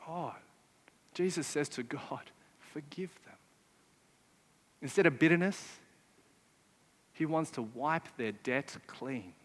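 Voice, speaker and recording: A man's voice: on the high side, animated, measured pace, fairly bright tone, big-room sound. A man preaching a sermon, emphatic and often putting rhetorical questions to his listeners. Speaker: pastor.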